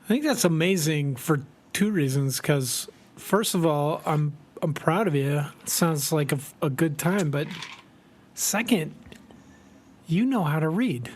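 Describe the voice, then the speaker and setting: A man from Colorado co-hosting a comedy podcast, telling dry, deadpan jokes. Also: fairly high pitch, unhurried. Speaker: podcast co-host. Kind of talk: casual comedic chat.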